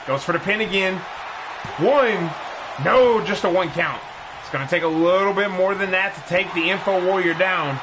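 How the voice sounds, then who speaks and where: A man calling a wrestling match in excited play-by-play, often shouting. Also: high-pitched, moderate pace. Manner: frequent shouting. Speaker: wrestling commentator. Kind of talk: excited play-by-play commentary on a game stream. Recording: crowd and noise behind.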